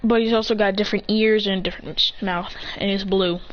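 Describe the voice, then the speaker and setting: A woman's voice: mid-range voice, steady tone, a little fast, slight background noise. A woman retelling a fan story in a rambling way, with many restarts. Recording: dull lo-fi recording.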